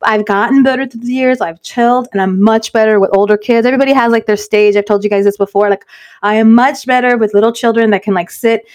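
A middle-aged woman talks at a brisk clip, co-hosting a casual podcast and telling candid stories. Her voice sits a little high, and Spanish words slip into her talk. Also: steady tone, darkish tone. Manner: fast, candid storytelling that mixes in Spanish words. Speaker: podcast co-host.

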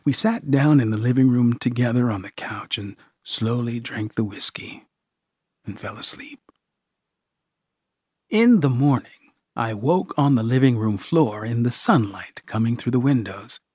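A man narrating a first-person story in a measured, expressive audiobook style. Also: medium pitch, breathy edge, no room sound, studio quality.

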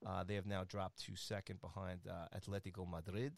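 Energetic man running a sports rundown. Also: low-pitched, brisk, creaky. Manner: energetic and playful, lots of fillers, teasing his co-host. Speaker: sports segment host. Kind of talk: casual sports rundown on a talk show.

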